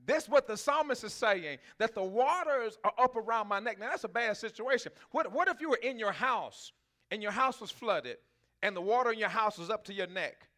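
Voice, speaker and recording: A man's voice: high-pitched, lively intonation, normal speed, sharp tone. A man preaching a sermon as pastor, talking conversationally, asking the congregation questions and laughing often. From Texas.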